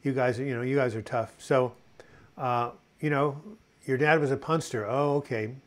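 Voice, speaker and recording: Man, 60s, live-stream host, chatty, corny jokester, mid-pitched voice. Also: steady tone, moderate pace. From United States. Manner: chatty, tells corny jokes and puns, reads viewer comments aloud. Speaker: host of a live video chat on mental health. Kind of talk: casual live-stream chat.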